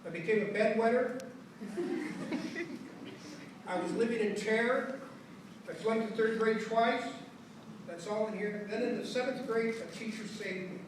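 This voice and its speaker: An older man giving a lecture, telling his life story in an animated way and acting out the people in it with Spanish phrases mixed in. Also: high voice, unhurried, long pauses. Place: lecture hall. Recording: echoey hall from far off with background noise.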